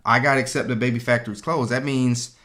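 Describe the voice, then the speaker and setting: A man's voice: mid-range voice, quick pace. A man, co-hosting a casual podcast and telling stories, acting out what others said. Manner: animated storyteller, acts out quotes. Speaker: podcast co-host. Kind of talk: casual chat.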